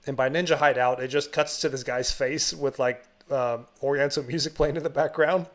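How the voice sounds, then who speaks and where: A man's voice: mid-range voice, fairly even intonation, moderate pace. A man from Bulgaria, a podcast co-host, recapping a film in rambling casual chat full of fillers.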